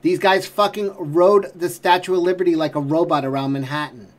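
A man's voice: on the high side, fairly even intonation, fairly quick. Exasperated man ranting with heavy swearing. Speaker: trailer reaction host. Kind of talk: profane ranting commentary.

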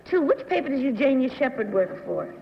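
Brisk woman panelist on old TV. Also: high-pitched, very animated, slight background noise. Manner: brisk, polite. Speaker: game show panelist. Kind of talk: brisk game show questioning. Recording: dull 1960s TV recording in a reverberant studio.

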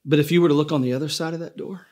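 A man's voice: a little high, steady tone, racing, dark tone. A male pastor giving a sermon in an earnest way, often repeating his first words as he begins a thought.

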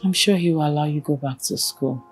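An actress with a Nigerian accent playing a mother who gently coaxes her crying daughter. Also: low-pitched, slightly rough, soft background music. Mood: soothing. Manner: gentle, coaxing, unhurried. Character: soothing mother, middle-aged woman.

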